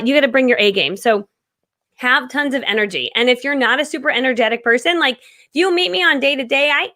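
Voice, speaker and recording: A woman in her thirties hosting a live-stream coaching session, talking casually, loudly and energetically and laughing often. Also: on the high side.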